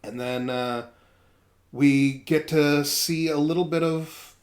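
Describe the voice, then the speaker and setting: His voice sits on the high side, with a steady tone and a slow pace. In casual podcast chat, this co-host recaps a manga, animatedly retelling the story and shifting into quoted voices.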